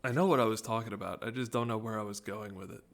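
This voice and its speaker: Fast-talking and steady in tone, this man rambles through casual let's-play commentary in a fairly low voice. He keeps joking and interrupting himself mid-sentence.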